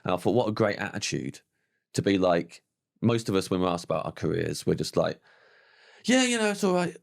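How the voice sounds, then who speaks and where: A man's voice: sits low, fairly quick, vocal fry. A man in his forties, a comedian chatting casually as a guest, acting out quotes with frequent laughs. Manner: animated, acts out quoted voices, frequent "like" and laughter. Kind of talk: casual chat.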